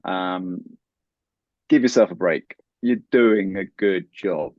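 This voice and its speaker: A man's voice: deep voice, takes it slowly, no room sound. A man talking as a guest in an interview, earnest and giving advice. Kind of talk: conversational interview. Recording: dull, lo-fi, dry sound.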